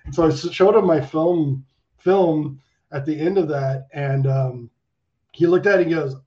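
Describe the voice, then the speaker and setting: A man around fifty chats as an interview guest, spinning stories with swearing, laughter and a steady stream of "like". His voice sits a little high for a man. The recording is dull and lo-fi. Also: a little slow. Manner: animated, swearing storyteller full of likes and laughs. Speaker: guest animator. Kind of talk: casual interview chat. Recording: dull lo-fi sound.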